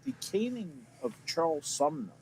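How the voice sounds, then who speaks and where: A man on a panel show, recounting history in a casual, expressive way, with occasional swearing. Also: fairly high pitch, normal speed, a little hiss or hum, poor audio.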